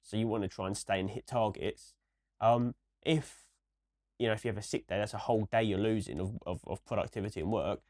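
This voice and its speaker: A young man co-hosting a casual podcast, ranting and rambling with many restarts, a little hoarse from a recent cold. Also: lowish voice, fairly quick, darkish tone. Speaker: podcast co-host.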